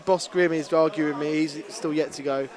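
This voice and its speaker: A man's voice: fairly high pitch, fairly even intonation, fairly quick, darkish tone, some chatter behind. A man casually commentating a fighting game tournament, chatty and playful, often laughing.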